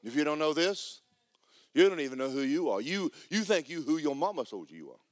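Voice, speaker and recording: A pastor preaching in church, his voice sitting fairly high for a man and swinging widely up and down. He hammers his points home with emphatic, homespun humor. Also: big pitch swings, a little fast, dry recording, studio quality. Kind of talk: sermon. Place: church sanctuary.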